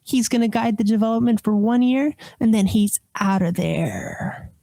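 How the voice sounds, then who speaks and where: A woman's voice: fairly high pitch, normal speed, gravelly, warm tone, no room sound. A woman co-hosting a casual sports podcast, talking in a playful, mock-dramatic way. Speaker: podcast co-host.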